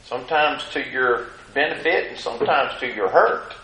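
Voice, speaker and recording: A man preaching a sermon. He reads scripture in a measured cadence and asks the congregation folksy rhetorical questions. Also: medium pitch, sharp tone, a little hiss or hum. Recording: echoey room.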